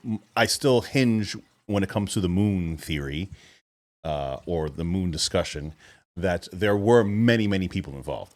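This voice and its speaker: A male host reacting to a played clip, talking casually and hesitantly with many fillers. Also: low-pitched.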